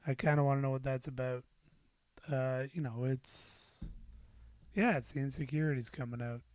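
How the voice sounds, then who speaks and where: A man's voice: medium pitch, fairly even intonation, moderate pace, a little mellow, no echo. A middle-aged man hosting a casual solo podcast, rambling and self-deprecating with lots of fillers and the odd swear word. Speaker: podcast host.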